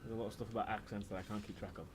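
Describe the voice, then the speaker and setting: A man's voice: lowish voice, little pitch movement, rapid-fire, very noisy. A man with a British accent tinged with Welsh, chatting and swearing his way through a horror game on a live stream. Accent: British, slightly Welsh. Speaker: gaming streamer.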